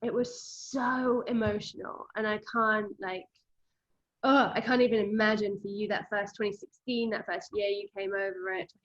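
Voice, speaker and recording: A woman's voice: mid-range voice, normal speed. A woman host, telling a story in an emotional, conversational way and acting out her own thoughts. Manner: animated, quotes herself in lively bursts. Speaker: running coach and podcast host. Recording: slightly dull lo-fi audio.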